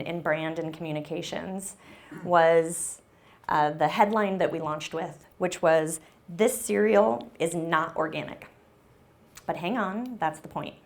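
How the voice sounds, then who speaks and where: A woman's voice: fairly low pitch, steady tone, measured pace. A woman giving a conference keynote talk on a stage mic, upbeat and chatty, with lots of ums and "right?". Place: conference room with an audience. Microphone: handheld or stage mic that briefly cut out.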